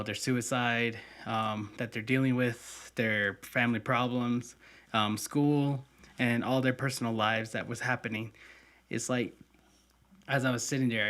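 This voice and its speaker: A man's voice: medium pitch, a bit bright. Earnest young man telling a story. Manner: earnest, heartfelt, many fillers. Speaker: podcast co-host. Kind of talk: casual podcast storytelling. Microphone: podcast mic.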